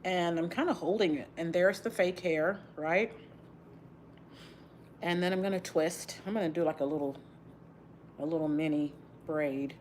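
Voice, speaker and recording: Middle-aged woman from texas on a livestream, sighing a lot, fighting tears, soft hiss behind her. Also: on the low side, moderate pace, pauses often. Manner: sighing often, subdued and grieving, talks while twisting her braids. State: holding back tears. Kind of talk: casual livestream chat while doing her hair.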